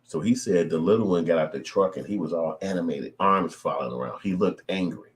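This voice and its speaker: A middle-aged man, telling a story in profane, animated casual commentary. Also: deep voice, brisk. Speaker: channel host.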